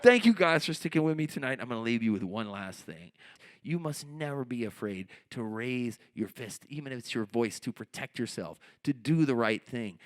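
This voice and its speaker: A middle-aged American man telling profane, animated stories to a live theatre audience, swinging between hushed asides and shouted outbursts. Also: medium pitch. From United States. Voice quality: gravelly. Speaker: spoken-word performer. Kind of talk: stand-up storytelling on stage. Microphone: handheld stage microphone.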